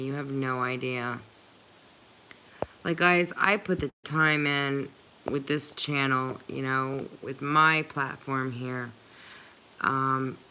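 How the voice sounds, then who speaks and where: Woman on a livestream talking slow and heartfelt to her viewers, bright forward voice, lots of likes. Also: extremely low pitch, clean tone. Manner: earnest and openly emotional, many filler likes. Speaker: channel host reading live chat. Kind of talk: emotional livestream chat.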